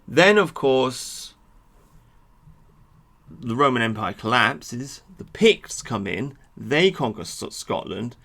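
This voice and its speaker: A man giving an animated, sweary monologue to his viewers about history, with frequent asides. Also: mid-range voice, unhurried, creaky. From England. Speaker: history vlogger. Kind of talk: ranting monologue to camera.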